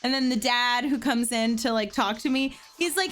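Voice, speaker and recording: A woman in her thirties from Pennsylvania tells a story casually and with animation, and her voice sits fairly high. She scatters "like" through nearly every sentence, and faint music plays behind her. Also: brisk, few pauses. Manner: animated, filler-heavy with frequent "like".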